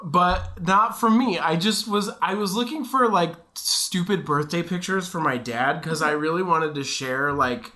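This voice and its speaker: A man's voice: a little high, unhurried, few pauses, bright, forceful tone. A young man co-hosting a podcast, chatting casually in a rambling, self-mocking way and laughing often. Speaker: podcast co-host. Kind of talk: casual chat.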